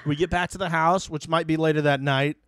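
A man with a fairly high voice co-hosts a podcast and recaps a reality show in a loose, chatty way. He acts out quotes and fake laughs as he tells the story. The sound is dry and close. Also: fairly even intonation, fairly quick, a bit bright, no echo. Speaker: podcast co-host.

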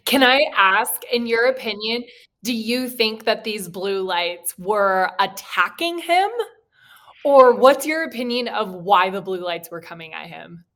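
A woman's voice: mid-range voice, lively intonation, measured pace, a bit bright. A young woman, a podcast co-host, chatting casually with eager questions and asides. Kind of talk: casual chat.

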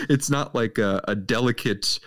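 A man co-hosting a movie podcast in casual chat, talking in quick, animated bursts. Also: mid-range voice. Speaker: podcast co-host.

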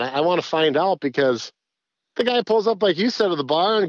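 A man's voice: on the high side, a little fast, dry recording. Rambling man, dry dull sound. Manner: rambling, animated, many restarts. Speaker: podcast guest. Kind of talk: casual podcast chat.

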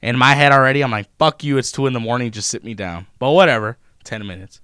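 A young man, telling stories in a loose, profane, animated way in casual chat. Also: mid-range voice, fast, clean tone, no echo, clean studio sound. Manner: profane, animated retelling of customer-service run-ins.

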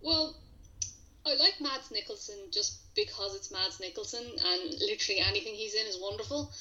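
A woman's voice: medium pitch, moderate pace, bright, forceful tone. A woman co-hosting a podcast, chatting enthusiastically about favourite actors. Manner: enthusiastic and conversational. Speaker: podcast co-host. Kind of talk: casual film discussion. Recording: dull lo-fi microphone.

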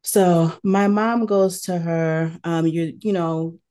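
A woman's voice: lowish voice, fairly even intonation, takes it slowly, dark tone. A woman hosting a podcast who talks candidly and tells personal stories, acting out what others said. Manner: candid, storytelling with acted-out quotes. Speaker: podcast host. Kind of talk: casual conversational chat.

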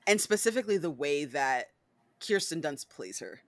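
A woman's voice: low voice, expressive, normal speed, no echo. A woman hosting a podcast, chatting casually and animatedly, swearing freely and acting out movie lines. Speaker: podcast host.

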